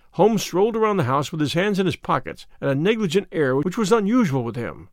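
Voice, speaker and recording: A man narrates a classic detective story in a measured, storytelling way. His voice sits a bit high and moves expressively. The sound is close and dry. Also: big pitch swings, no room sound. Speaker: audiobook reader.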